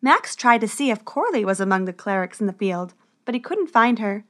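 A woman narrating a children's storybook in a lively, expressive reading. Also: mid-range voice, a little fast.

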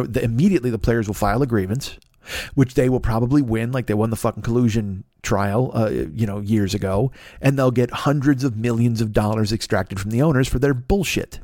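A middle-aged man hosting a podcast, ranting angrily with constant swearing and acting out both sides of an argument in quick voices. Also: mid-range voice, a little mellow, no echo, clean studio sound. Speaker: podcast host. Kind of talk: profane ranting monologue.

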